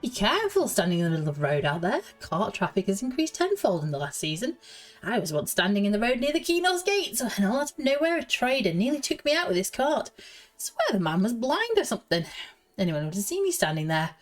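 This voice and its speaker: A woman's voice: mid-range voice, big pitch swings, brisk, close to an everyday voice. A woman voicing a fussy, indignant male professor who rambles through his complaints.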